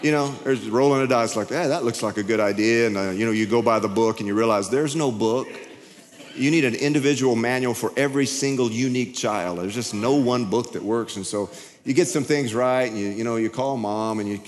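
A middle-aged man preaching a sermon in a conversational, confessional way, telling a story with many halting restarts. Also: medium pitch, in a large hall. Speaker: pastor.

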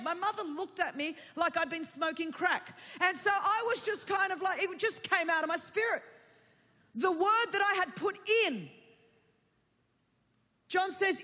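A woman in her forties delivers a storytelling sermon with a bright, forceful voice. She is chatty and expressive, and her lines are laced with humor. The sound carries a long hall reverb from a large church. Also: extremely high pitch, normal speed. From Australia. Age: 40s. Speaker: preacher.

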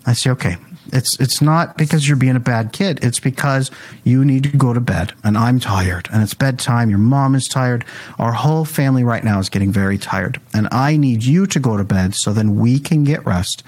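Husky-voiced man, lively storyteller, casual podcast guest. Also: medium pitch, moderate pace. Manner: animated storyteller acting out dialogue with his kids. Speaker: guest parenting speaker.

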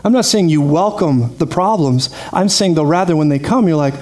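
A man preaching a lively sermon, energetic and quick to laugh, calling out praise to his congregation. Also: fairly high pitch. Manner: energetic, laughs often, calls out "praise God". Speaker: pastor.

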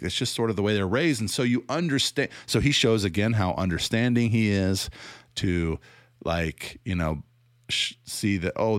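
Speaking with a Southern American accent and a fairly low voice, a man delivers a sarcastic monologue critiquing church teaching, often laughing and restarting his sentences. The studio-quality recording has no echo.

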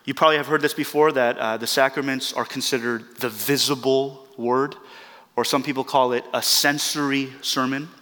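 A male pastor delivers an earnest, emphatic sermon in a bright, forceful voice. He stacks repeated phrases for emphasis. His words ring out with a long reverb through the church hall. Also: mid-range voice, steady tone, normal speed.

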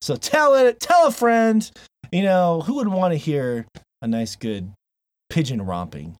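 A man's voice: high-pitched, sing-song, unhurried, smooth, no echo. A man hosting a podcast, wrapping up the show in a chatty, playful way. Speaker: podcast host. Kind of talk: casual show wrap-up.

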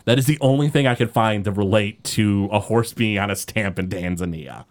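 A man's voice: lowish voice, moderate pace. A man co-hosting a podcast, recapping a cartoon episode in casual chat and acting out the quotes as he goes. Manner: animated storytelling, acts out quotes in exaggerated voices. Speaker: podcast co-host.

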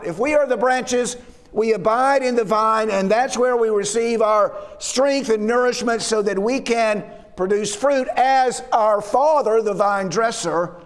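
A man preaching a sermon who often asks rhetorical questions and restarts his words mid-phrase. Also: sits high. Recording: long reverb of a hall.

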